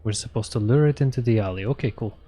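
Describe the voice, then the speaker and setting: A man's voice: mid-range voice, fast talker, warm tone, breathy edge. A man streaming a video game live and joking his way through it with wry commentary.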